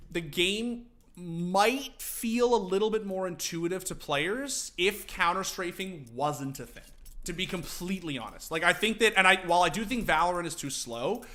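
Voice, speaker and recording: Young man, streamer, fairly high voice, bright tone, lively and profane, desk mic. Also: moderate pace. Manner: animated, profane, talks straight to chat. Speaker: streamer teaching game tactics. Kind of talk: casual livestream commentary.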